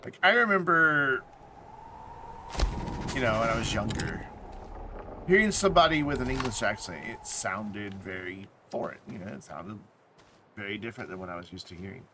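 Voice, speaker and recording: A man chats live while he plays, rambling from one thought to the next with plenty of fillers, his pitch swinging up and down in a lively way. Loud game noise of engines and water runs under his voice the whole time. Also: moderate pace, long pauses. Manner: rambling and amused, with many fillers and restarts. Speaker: game streamer. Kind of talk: casual chat while playing a game live.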